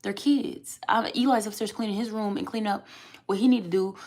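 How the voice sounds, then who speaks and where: A woman's voice: mid-range voice, fairly even intonation, fairly quick, darkish tone. A young adult woman from the United States venting candidly to her live-stream chat and talking back to commenters. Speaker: vlogger.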